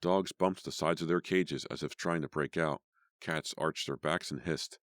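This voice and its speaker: A man narrating a teen horror audiobook in a measured, even storytelling voice. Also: rumbling low, dry recording, clean studio sound. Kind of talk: scripted narration.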